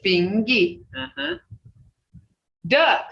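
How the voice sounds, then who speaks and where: A language teacher running an online class, folksy and plain-spoken, slowly repeating native words to drill their sounds. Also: medium pitch, expressive, creaky. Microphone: video call. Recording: distant, roomy, dull video-call audio with faint hiss.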